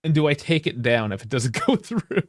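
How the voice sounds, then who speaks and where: A man's voice: on the high side, sing-song, normal speed, dry recording. A man co-hosting a casual sports podcast and running the stream, tossing in wry, joking asides.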